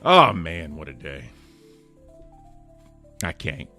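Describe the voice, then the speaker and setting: A man co-hosting a casual livestream chat in a deep voice, upbeat and thanking chat members by name. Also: big pitch swings, takes it slowly, gravelly, pushed and bright, no room sound, soft background music. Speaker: co-host.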